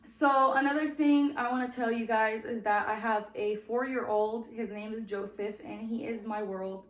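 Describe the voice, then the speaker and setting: Recorded in an echoey room, this podcast host in her twenties tells her life story in a chatty, heartfelt manner, addressing "guys" frequently and coming close to tears at points. She speaks a little high, with a steady tone at normal speed.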